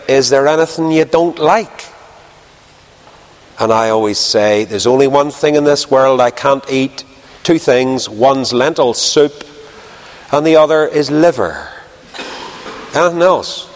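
A man preaching a sermon, lively and conversational, jumping up in pitch to stress a point. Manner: animated, jumps in pitch for emphasis. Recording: long hall reverb.

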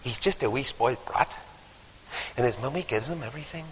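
A man preaching a sermon, telling stories with lively acted-out voices. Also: medium pitch, brisk, a little hiss or hum. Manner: animated storytelling, acting out voices. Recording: long hall reverb.

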